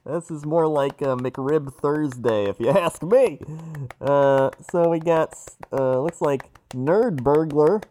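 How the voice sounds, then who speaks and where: A man voicing a brash male helicopter traffic reporter with a rapid, joking news-report delivery. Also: fairly high pitch, dark tone. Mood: hyped.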